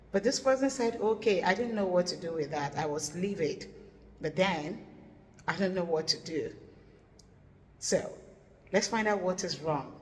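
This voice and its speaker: A woman's voice: fairly low pitch, a little hiss or hum. A woman teaching English intonation, telling a story and acting out the lines she quotes. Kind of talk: teaching intonation with a personal anecdote. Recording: echoey room with long reverb.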